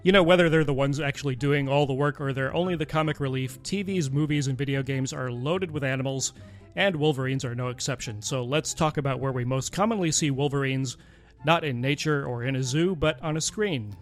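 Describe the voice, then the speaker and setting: A man with a middle-range voice hosting a podcast in relaxed chat. He steers the conversation and slips in jokes. Faint music plays behind him. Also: medium pitch, a little fast. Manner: joking, relaxed, leads the topic. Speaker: podcast host. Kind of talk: casual chat.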